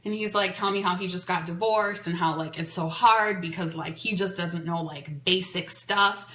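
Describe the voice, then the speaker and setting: Woman podcaster rambling through a dating story, bright voice, roomy echo. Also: on the low side, normal speed. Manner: chatty, animated, many "like"s. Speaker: podcast host. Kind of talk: casual storytelling. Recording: echoey room.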